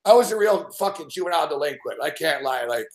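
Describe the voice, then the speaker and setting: A show host with a somewhat high voice talks quickly in a roomy-sounding space. He tells rowdy stories in casual chat, swearing constantly and laughing often as an animated, profane storyteller.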